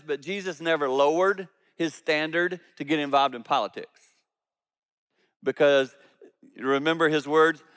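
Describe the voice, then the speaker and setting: A man, a lead pastor, preaching a sermon with animated storytelling, jumping between loud emphatic peaks and quiet low asides. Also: clear, resonant tone, in a large hall.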